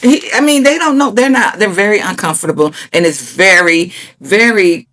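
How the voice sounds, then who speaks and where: Sassy lady ranting about tv couples, blunt, cusses, voice shoots up when she's mad. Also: normal speed. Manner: sassy, blunt, swears freely; animated, jumps high in pitch when outraged. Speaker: TV reality show reviewer. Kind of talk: casual commentary.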